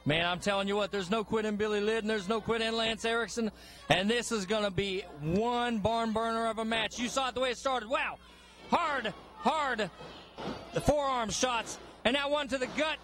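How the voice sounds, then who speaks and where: A man giving wrestling color commentary in a very high-pitched voice. His delivery is folksy and emphatic, with homespun phrases about the action. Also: moderate pace, fairly bright tone, soft background music.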